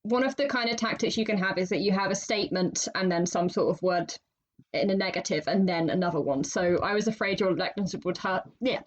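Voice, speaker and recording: A woman's voice: medium pitch, fairly quick, highs cut off. A woman co-hosting a writing podcast in casual chat, laughing often. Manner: laughs often, chatty and animated. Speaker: podcast co-host.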